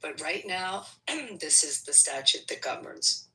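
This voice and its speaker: Firm speaker giving step-by-step advice, bright tone. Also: medium pitch, lively intonation, measured pace, distant mic, low-quality recording. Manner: firm, instructive, lays out steps. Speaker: participant in discussion room. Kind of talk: explaining in a heated discussion.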